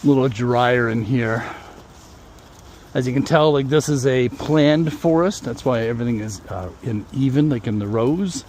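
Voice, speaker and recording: A man's voice: mid-range voice, normal speed, darkish tone. Middle-aged man, chatty vlogger, outdoors on a windy trail, slightly breathless, faint background noise. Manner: chatty, easygoing, talks to viewers while hiking. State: a little out of breath. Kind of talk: casual walking vlog.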